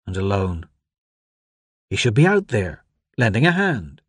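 Male audiobook narrator, measured and even, dry booth sound. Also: fairly low pitch, dry recording. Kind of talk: scripted narration.

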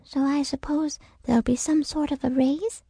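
A high, creaky, doting old mother. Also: fairly even intonation, normal speed, dark tone, dry recording, clean studio sound. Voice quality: high, creaky, often breathy whisper. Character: doting older mother, fussy and proud.

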